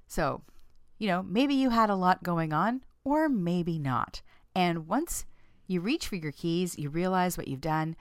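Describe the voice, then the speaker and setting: A woman hosting a casual self-help talk for listeners, playful and frank, laughing often and jumping in pitch when she acts out quoted lines. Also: smooth, dry recording, clean studio sound. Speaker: podcast host.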